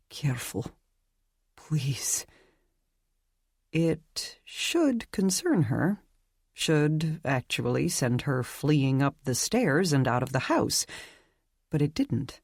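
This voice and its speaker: A narrator reading a dark fantasy novel aloud with a measured, even storytelling delivery. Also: medium pitch, gravelly, breathy edge, dry recording, clean studio sound. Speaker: audiobook narrator. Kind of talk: scripted audiobook narration.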